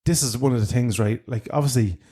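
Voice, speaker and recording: A man's voice: medium pitch, quick pace, dark tone. Rambling Irish man, podcast co-host. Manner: rambling, with many restarts and fillers. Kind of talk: casual gear review chat.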